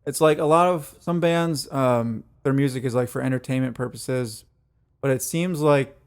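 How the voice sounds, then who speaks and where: A man co-hosting a music podcast in casual, relaxed chat. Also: medium pitch, normal speed, smooth. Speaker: podcast co-host.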